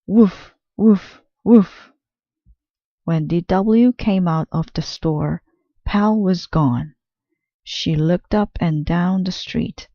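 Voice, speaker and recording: A woman reading a children's picture book aloud with slow, careful, clear storytelling. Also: fairly low pitch, no echo, lo-fi sound.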